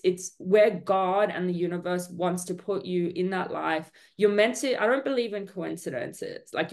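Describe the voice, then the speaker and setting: Earnest woman guest sharing her story, a touch low-pitched, lots of "like"s. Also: gravelly. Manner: earnest, talkative, with many fillers. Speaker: entrepreneur guest. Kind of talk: candid storytelling interview.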